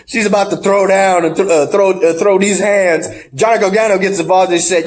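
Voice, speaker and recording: A man's voice: sits high, moderate pace. A man hosting a casual wrestling review podcast, laughing often and acting out what people said. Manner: animated, laughs often, acts out quotes. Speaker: podcast host.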